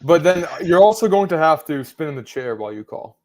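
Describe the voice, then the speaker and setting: A man's voice: on the high side, sing-song, a little fast, darkish tone. A male host in a casual chat, teasing his co-host and setting playful challenges.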